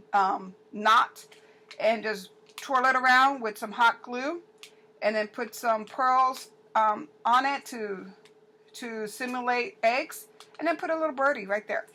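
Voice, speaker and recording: A woman talks through her handmade album in a loose show-and-tell way, pausing on ums and circling back over her words. Her voice sits a little high and sounds bright and lively. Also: poor audio. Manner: chatty and halting, with many ums and restarts. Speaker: paper crafter showing an album. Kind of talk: casual show-and-tell crafting video.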